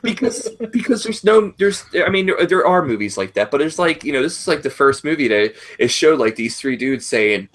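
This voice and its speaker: A man in his thirties, co-hosting a casual chat, telling a long profane story in a rambling, animated way. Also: fairly high pitch, brisk, few pauses. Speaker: podcast co-host.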